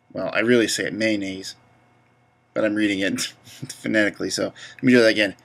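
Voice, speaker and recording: A young Southern-accented man from Georgia, USA, rambles easily through a vlog and reads a word list aloud. His voice is low and a bit bright, with vocal fry, fairly even intonation, a fairly quick pace and frequent pauses.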